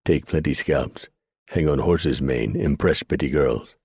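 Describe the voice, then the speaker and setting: A man's voice: rumbling low, measured pace, a little mellow, slightly rough, dry recording, studio quality, heavily acted. A man voicing a sly, laconic warrior who talks in clipped, grunting phrases. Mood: teasing. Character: sly laconic frontier warrior playing dumb.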